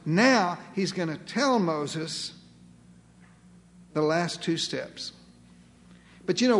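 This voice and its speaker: High-voiced preacher in an echoing hall. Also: male voice. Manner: earnest preaching with slow, emphatic repetition. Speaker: pastor. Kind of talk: sermon.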